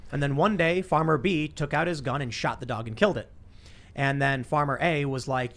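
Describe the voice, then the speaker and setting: Fast-talking man hosting a podcast. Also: medium pitch, fairly bright tone. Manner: fast, rambling storytelling with restarts. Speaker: podcast host. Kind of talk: casual panel talk.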